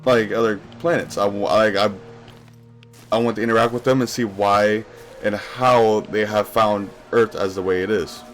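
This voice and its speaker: A man's voice: lowish voice, fairly even intonation, moderate pace, faint music behind. A young man streaming a game live, rambling casually and answering questions from his chat as he plays.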